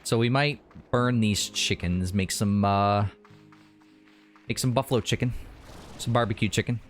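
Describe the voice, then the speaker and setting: A man's voice: on the low side, moderate pace, faint music behind. A man hosting a gaming video, talking his game through casually and thinking aloud. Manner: relaxed, thinking aloud, with restarts and laughs.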